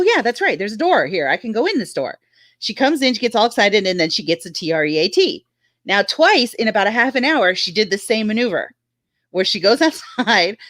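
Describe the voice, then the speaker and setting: A woman's voice: medium pitch, fairly bright tone, no room sound. A woman chatting casually on a live stream, laughing often and telling stories about her dog.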